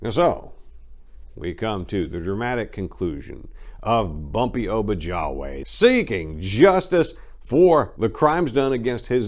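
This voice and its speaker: A man hosting his channel and giving an expressive, theatrical dramatic story reading. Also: deep voice. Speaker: writer and channel host.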